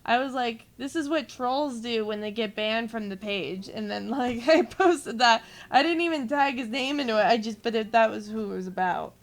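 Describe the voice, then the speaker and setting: Twenties gal streaming a game, ranting and cussing, voice a bit high. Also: female voice, vocal fry. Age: 20s. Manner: ranting, animated, swears freely. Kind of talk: casual live-stream chat.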